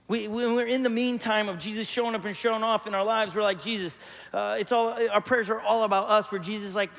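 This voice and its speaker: High-voiced animated male pastor in a hall. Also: fast talker, creaky. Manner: animated storyteller, acts out quotes. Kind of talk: sermon. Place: church hall. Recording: long church hall reverb.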